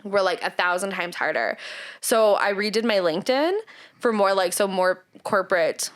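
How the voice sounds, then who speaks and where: Chatty woman telling animated stories. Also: mid-range voice, normal speed. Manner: rambling, animated storytelling with many fillers. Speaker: podcast guest. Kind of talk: casual podcast chat.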